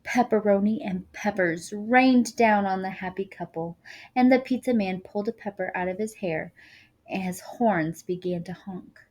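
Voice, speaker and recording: A woman reading a picture book aloud with lively expression, dropping casual asides to her listeners. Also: medium pitch, moderate pace. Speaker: storyteller.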